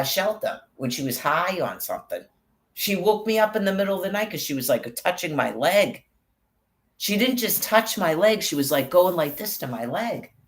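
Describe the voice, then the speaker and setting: A man's voice: a little high, a bit bright. Swearing, rambling New man ranting. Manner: angry, swears constantly, rambling. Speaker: vlogger. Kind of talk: profane ranting monologue.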